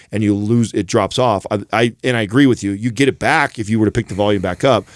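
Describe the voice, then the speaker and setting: A man's voice: lowish voice, steady tone, fast talker, few pauses, dry recording, clean studio sound. A man co-hosting a fitness podcast, talking in a loose, rambling conversational way. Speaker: podcast co-host. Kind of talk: casual chat. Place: podcast studio.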